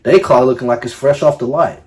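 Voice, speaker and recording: A young man telling a story on his vlog in a casual, profane, animated way, full of slang. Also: mid-range voice, a little fast. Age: young adult. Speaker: YouTuber.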